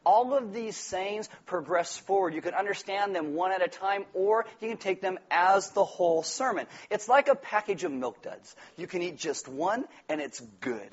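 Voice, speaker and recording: Husky guy preaching, kinda high voice, jokey and animated, dull lo-fi church recording. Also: normal speed, few pauses. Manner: animated, jokey, acts out quotes in loud voices. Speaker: pastor. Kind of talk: sermon. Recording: dull lo-fi sound.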